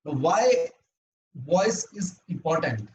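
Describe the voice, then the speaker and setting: A man's voice: fairly high pitch, expressive, darkish tone, slight background noise, low-quality recording. Earnest man. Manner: earnest, halting delivery with frequent restarts. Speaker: club speaker. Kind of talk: prepared educational speech at an online meeting.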